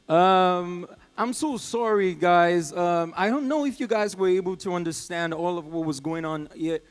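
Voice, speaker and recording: A man from Nigeria with a Nigerian English accent doing live stand-up, chatting and teasing the audience, swinging from loud calls to low asides. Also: moderate pace, few pauses, smooth. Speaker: stand-up comedian. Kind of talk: live stand-up with crowd work. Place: comedy club stage.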